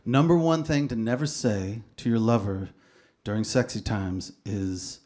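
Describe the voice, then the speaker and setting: A man's voice: fairly low pitch, a little slow, a little mellow. Offhand male stand-up comic. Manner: dry, offhand delivery with sudden bursts of energy. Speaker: stand-up comedian and poet. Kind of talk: live stand-up comedy.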